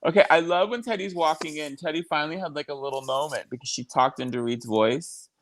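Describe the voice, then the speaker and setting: A man's voice: fairly high pitch, slight background noise. A man hosting a podcast, chatting casually and cracking jokes about reality TV. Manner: chatty, jokey, quick asides. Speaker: podcast host. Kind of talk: casual chat.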